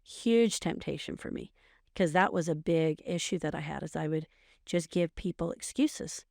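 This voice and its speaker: A woman's voice: sits low, moderate pace, gravelly, a little mellow, dry recording, studio quality. A middle-aged woman co-hosting a podcast, giving earnest, coaching advice in a casual chat and repeating phrases for emphasis. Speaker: podcast co-host, mother.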